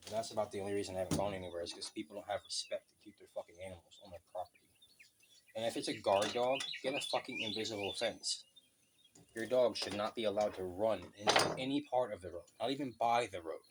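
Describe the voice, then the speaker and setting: A man's voice: lowish voice, quick pace, noisy background. A man in a casual vlog rant, telling stories bluntly and swearing a lot, outdoors by a road. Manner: profane, blunt, storytelling. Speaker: vlogger.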